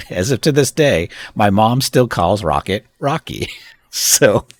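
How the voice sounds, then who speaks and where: A man's voice: fairly low pitch, sing-song, takes it slowly. A man hosting a casual live stream from home, rambling and chatting with frequent laughs. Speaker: streamer host.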